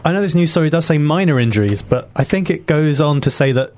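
A man's voice: fairly high pitch, expressive, quick pace, a little mellow. A young man co-hosting a casual chat, joking in a dry way. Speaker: co-host.

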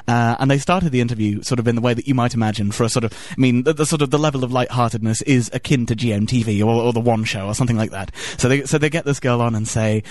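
A man's voice: mid-range voice, racing, few pauses, dry recording. A man co-hosting a casual comedic chat, telling a story and acting out the quoted people. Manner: animated storyteller, acts out quoted voices. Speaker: podcast co-host.

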